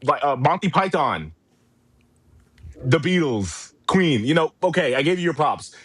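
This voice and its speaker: A man's voice: on the high side, sing-song, unhurried, a bit bright, breathy edge, no echo. A man co-hosting a wrestling podcast, swearing and ranting in a furious, heated way. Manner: furious, foul-mouthed rant with mock British impression. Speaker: podcast co-host. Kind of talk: profane ranting podcast chat.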